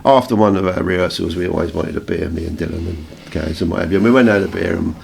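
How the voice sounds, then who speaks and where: A man with an English accent, co-hosting a radio show and telling anecdotes in a casual, animated way with frequent laughs. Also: low-pitched, fast, gravelly, slight background noise. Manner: storytelling, animated, laughs often. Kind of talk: casual reminiscing chat.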